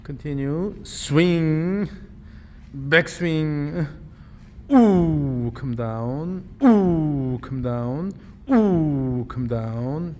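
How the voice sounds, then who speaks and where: Slow, mellow-voiced male golf coach. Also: fairly high pitch, a little hiss or hum. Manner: calm, repetitive cueing with humming counts. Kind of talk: live coaching session. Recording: echoey room with faint ambience.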